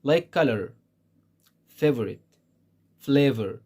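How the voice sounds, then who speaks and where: A man with an Egyptian Arabic accent gives an English lesson at a very slow, careful pace. His voice sits at a medium pitch. He leans on single words, setting each one apart so its sound comes through. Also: animated, darkish tone. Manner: slow, deliberate, stresses single words to model pronunciation. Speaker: English teacher. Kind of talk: slow spoken language lesson.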